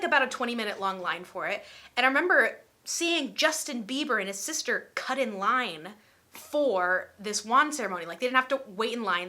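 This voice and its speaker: A young woman in her twenties chats through a storytime vlog. She is animated and full of filler words. Her voice is bright and sharp, a little higher than most. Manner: chatty, animated, lots of fillers. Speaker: storytime vlogger.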